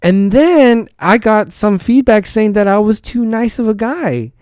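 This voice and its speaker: A man's voice: sits high, lively intonation, unhurried, darkish tone, smooth, dry recording, clean studio sound. A man who is a teacher and podcast host, telling a story in a rambling, casual way with many false starts and repeated words.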